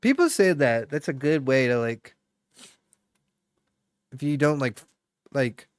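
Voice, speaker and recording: Young man streamer, smooth dry voice. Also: medium pitch, animated, a little slow, dry recording. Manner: rambling, chatty, full of fillers and restarts. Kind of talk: casual chat with viewers.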